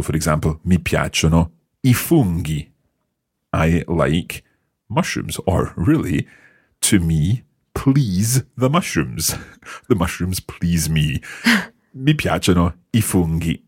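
A man's voice: deep voice, husky, no room sound, clean studio sound. A man teaching a language lesson, patiently asking questions and encouraging his students.

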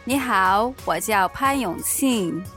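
A woman co-hosting a language lesson in a calm, measured way. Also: medium pitch, soft background music. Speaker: language course co-host.

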